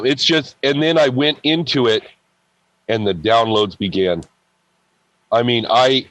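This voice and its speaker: A man's voice: mid-range voice, fairly bright tone, dry recording, rough recording. A man speaking as a podcast guest. He tells a personal spiritual story, acts out the dialogue in it, and often repeats words and restarts.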